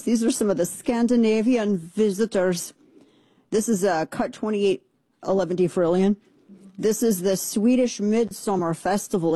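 A woman's voice: fairly low pitch, mellow, dry recording. A woman in her thirties hosting a commentary show, chatty and sarcastic, rambling with restarts. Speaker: podcast host. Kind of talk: opinionated commentary.

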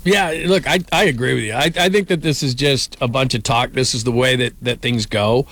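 Male sports commentator, casual, lively delivery with repeated starts. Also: mid-range voice, fairly quick, no echo. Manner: animated, repeats words as he starts sentences.

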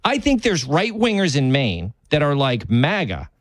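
A man co-hosting a casual political chat, talking in a rambling, animated way that jumps up in pitch when he stresses a point. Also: measured pace, no echo. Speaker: co-host.

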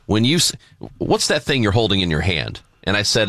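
A man co-hosting talk radio, telling stories with lots of swing in his voice. His tone is bright and fairly low. The studio sound is dry and close. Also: a little fast, no echo. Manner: lively storyteller, laughs easily. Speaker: radio co-host. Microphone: studio microphone.

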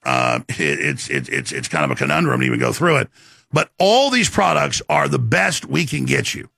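A man hosting a talk show, delivering an emphatic rant and sales pitch with sudden swings in pitch. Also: big pitch swings, normal speed, gravelly, bright, forceful tone, dry recording.

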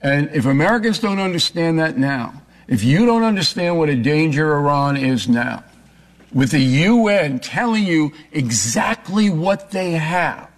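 A man making a forceful, argumentative case in a heated political debate, often cutting in. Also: fairly high pitch. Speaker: political commentator.

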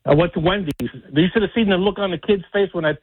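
A man calling in to a radio show, telling a story with animated acted-out voices. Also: high voice, fast talker, husky. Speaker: caller. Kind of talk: call-in storytelling. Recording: tinny phone line.

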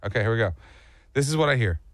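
Animated man telling a story. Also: medium pitch, fast, no echo, studio quality. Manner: animated storyteller, acts out voices and sounds. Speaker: morning show co-host. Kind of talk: casual chat.

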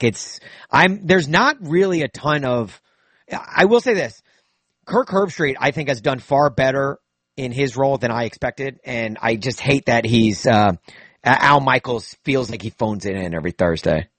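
A man's voice: mid-range voice, fairly bright tone, no room sound. A man chatting casually about football broadcasts, rambling with frequent restarts and fillers. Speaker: co-host. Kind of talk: casual sports chat.

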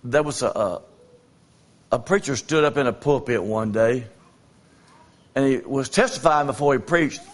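A man preaching as an evangelist, telling folksy stories with halting fillers and repeated phrases. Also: medium pitch. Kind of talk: sermon.

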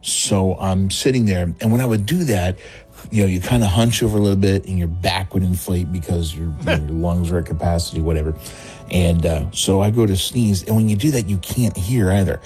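Low-voiced man telling a funny story. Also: brisk, mellow, faint music behind. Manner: rambling, chuckling, mimics voices in quotes. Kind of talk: comic personal story on a radio show.

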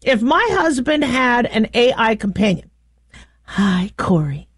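A middle-aged woman talks through a casual commentary in a bright, high voice. She is chatty and animated, laughing often and restarting her sentences. The sound is dry and close. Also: normal speed, no room sound. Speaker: host.

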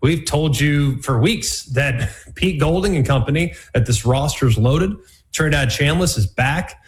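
A man's voice: mid-range voice, measured pace. A man hosting a college football analysis show, talking in a punchy, emphatic way with plenty of repetition. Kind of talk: sports commentary show.

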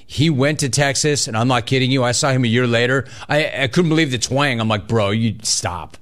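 A man hosting a sports call-in radio show, animated and joking with callers. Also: mid-range voice, brisk. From California. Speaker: radio talk show host. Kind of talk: casual sports radio chat.

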